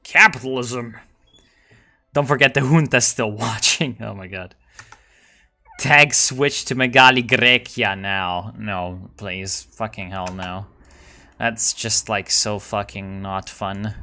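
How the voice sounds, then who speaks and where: Young guy rambling over a strategy game, bright sharp voice, cursing and laughing, lots of ums. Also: fairly low pitch, takes it slowly. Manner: swears a lot, excitable, jokey; muses aloud with frequent fillers and laughs. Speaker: gamer playing a strategy game. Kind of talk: casual gameplay commentary.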